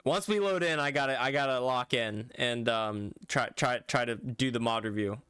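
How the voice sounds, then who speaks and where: A man's voice: medium pitch, moderate pace, fairly bright tone, clear, resonant tone, no room sound. Rambling young-sounding male streamer, dry mic. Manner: rambling, self-correcting, talks back to chat. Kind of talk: casual live-stream chat while gaming.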